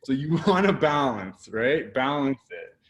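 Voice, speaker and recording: A man's voice: medium pitch, a little slow. A man with a Canadian accent, a guest photographer talking animatedly in a casual video interview and acting out quotes. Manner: energetic, animated, acts out quotes.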